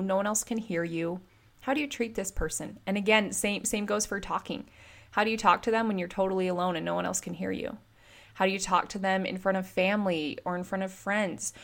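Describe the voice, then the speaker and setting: A woman in her thirties talks straight to her listeners in a casual solo podcast. She tells stories in a chatty, animated way, with many "like"s, and her voice sits at a middle pitch. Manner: chatty, animated storytelling with frequent "like". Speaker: podcast host and relationship coach.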